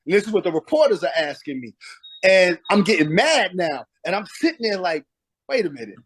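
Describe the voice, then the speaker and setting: A man's voice: high voice, sing-song, a little fast, fairly bright tone, slightly rough, no room sound. A middle-aged man, a former pro basketball player, telling stories in a casual interview with emphasis and acting out past conversations.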